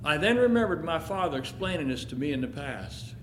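Expressive man telling a story in first person. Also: a little high, brisk. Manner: expressive, emotional narration. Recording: echoey room, faint noise.

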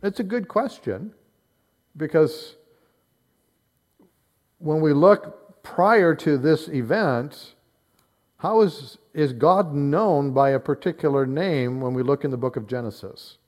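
A man teaching from the Bible in a deliberate, explanatory way, quoting scripture in old-style wording. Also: a little high, darkish tone. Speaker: preacher.

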